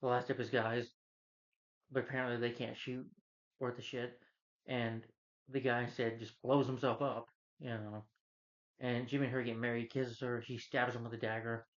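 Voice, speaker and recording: A man talking through a movie review in a loose, rambling rant, heavy on fillers, restarts and swearing. His voice sits at a middle pitch. The recording is a little dull and lo-fi. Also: level tone, normal speed. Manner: rambling, casual and profane, with many fillers. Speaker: film reviewer.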